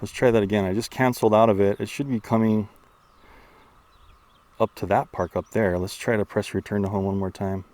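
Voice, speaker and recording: A man's voice: fairly low pitch, fairly quick. Breathless man narrating a drone test outdoors. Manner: excitable, talks while running and flying. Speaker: drone reviewer. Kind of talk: casual outdoor flight commentary. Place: outdoors among trees.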